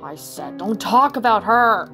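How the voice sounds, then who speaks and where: Storybook young male lion, protective and quick to anger, read by a woman in a fairly high voice, soft music underneath. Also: lightly acted. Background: soft background music.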